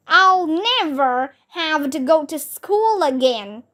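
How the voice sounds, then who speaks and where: A woman voicing a cheeky, excitable schoolboy in a storybook reading. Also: high voice, slow, pitched above the performer's own voice, heavily acted. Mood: excited.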